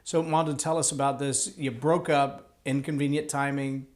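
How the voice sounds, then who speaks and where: Mid-pitched male faith TV host. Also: level tone, moderate pace. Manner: frames the topic in religious terms, then prompts the guest. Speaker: TV interview host. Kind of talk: faith-based interview hosting. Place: TV interview set.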